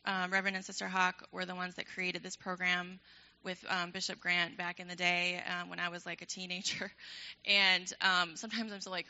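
Bright gravelly young woman. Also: lowish voice, level tone, normal speed, lo-fi sound. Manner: enthusiastic, chatty, often laughing. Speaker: ministry program leader. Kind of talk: casual church address. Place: church.

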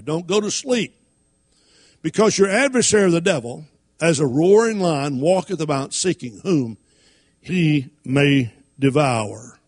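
A man's voice: on the high side, slightly rough. A man preaching a sermon, reading King James scripture and using folksy everyday stories.

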